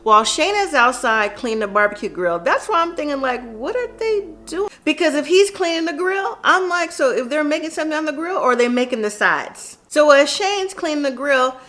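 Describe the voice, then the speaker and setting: Woman, high voice, casual TV recap, chatty, opinionated. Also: lively intonation, brisk, few pauses, fairly bright tone. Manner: chatty, opinionated, talks straight to the people on screen. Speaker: TV recap vlogger.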